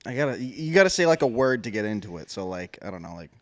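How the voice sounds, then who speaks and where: A man's voice: lowish voice, big pitch swings, fast. A man in casual podcast banter, joking and swearing freely. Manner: profane, joking.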